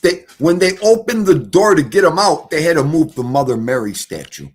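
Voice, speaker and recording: A middle-aged man telling stories casually on a livestream, animated, swinging from loud exclamations to quiet mutters. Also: a little high, moderate pace, slightly rough. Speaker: streamer.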